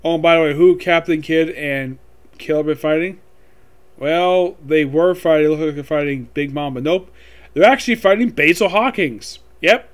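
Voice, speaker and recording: Casting note: man reviewing a manga chapter, slightly high voice, rambling casual recap. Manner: rambling, reads dialogue aloud in quick voices.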